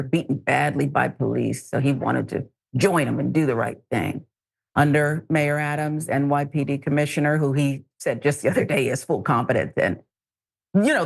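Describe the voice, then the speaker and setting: A woman co-hosting a news show, reading stories and adding sarcastic, animated asides. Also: low-pitched, vocal fry. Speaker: news co-host.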